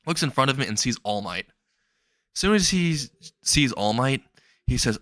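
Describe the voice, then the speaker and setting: Ein junger Mann erzählt frei eine alberne Fan-Geschichte, schweifend und über eigene Witze lachend. Seine Stimme liegt in mittlerer Höhe, die Aufnahme klingt trocken und nah. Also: male voice, mid-range voice, expressive, normal speed, pauses often, sharp tone, no room sound, clean studio sound. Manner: rambling, laughing at own jokes. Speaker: storyteller. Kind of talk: improvised comedic fan story narration.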